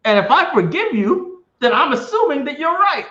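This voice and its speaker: A man hosting a casual video-call interview, outspoken and animated, laughing often. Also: very high voice, moderate pace, reverberant, muffled recording. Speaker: interview host, comic company head.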